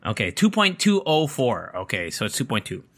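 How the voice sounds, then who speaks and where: A man's voice: mid-range voice, very animated, moderate pace, a bit bright. A man chatting casually to viewers at home, rambling and joking, swearing freely and smoking as he talks. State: smoking while talking. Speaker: vlogger.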